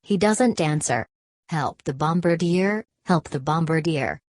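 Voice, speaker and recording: A woman's voice: low-pitched, expressive, measured pace, a little mellow, dry recording, studio quality. A woman voicing a desperate male co-pilot who weeps and pleads in repeated phrases. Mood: sobbing. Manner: weeping, pleading repetition.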